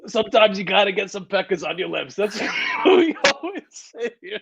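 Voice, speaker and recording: A man co-hosting a casual sports podcast, talking quickly and laughing a lot. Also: sits high, vocal fry. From Sicilian family background. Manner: laughs often, fast and animated. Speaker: podcast co-host. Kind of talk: casual chat.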